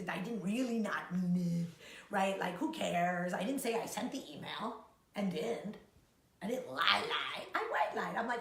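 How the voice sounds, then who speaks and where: A woman co-hosting a live talk, animated and quick to act out little quoted voices, swearing freely. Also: medium pitch, a little hiss or hum. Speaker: co-host, coach. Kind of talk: live-streamed casual talk. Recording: echoey room.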